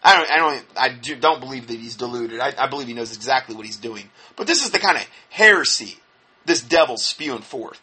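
A man giving critical religious commentary in a sarcastic, indignant, scoffing manner, with a husky voice. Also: medium pitch, animated, fairly quick, sharp tone.

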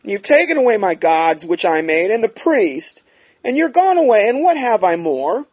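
A man's voice: high voice, big pitch swings, normal speed, darkish tone, voice pushed up. A man voicing a grieving, whining man who has been robbed of his idols, pleading indignantly.

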